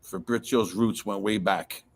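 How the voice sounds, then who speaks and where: A man's voice: fairly low pitch, fairly even intonation, a little slow, creaky, a little hiss or hum. A man telling stories in casual talk, profane and rambling, with many restarts. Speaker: guest storyteller. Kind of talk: casual chat.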